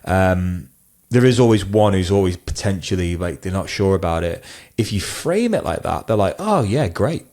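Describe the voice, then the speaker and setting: A man's voice: low-pitched, lively intonation, moderate pace, few pauses, darkish tone. A man, a wedding photographer, talking casually on a podcast, rambling with lots of fillers and restarts.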